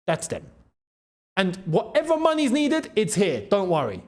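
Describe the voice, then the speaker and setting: A male football channel host, talking casually to his audience, excitable and animated, repeating phrases and breaking into laughs. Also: sits high, a little slow. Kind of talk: casual football commentary to camera. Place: in the Gulf region.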